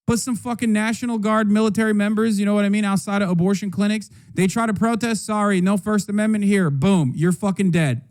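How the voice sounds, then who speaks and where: A man's voice: sits high, fairly even intonation, brisk, few pauses, a little mellow. A man hosting a livestream, reacting to political news in a heated, profane, sarcastic rant. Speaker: streamer host.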